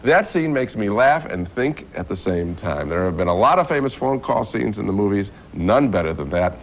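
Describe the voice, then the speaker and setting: A man co-hosting a TV film review show, speaking in a measured, reflective way. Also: fairly low pitch, big pitch swings, slight background noise. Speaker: film critic, co-host.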